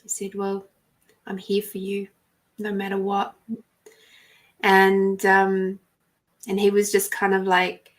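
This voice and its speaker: A woman with an Australian accent, hosting a podcast and telling a personal story in a soft, reflective way, sometimes dropping to near whispers. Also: medium pitch, completely flat delivery, slow pace, long pauses. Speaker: podcast host. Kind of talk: casual storytelling.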